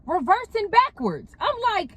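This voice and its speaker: A woman's voice: very high-pitched, very animated, measured pace, fairly bright tone, dry recording, rough recording. A young woman vlogger telling a story in a casual, profane way and laughing often. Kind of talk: storytime vlog.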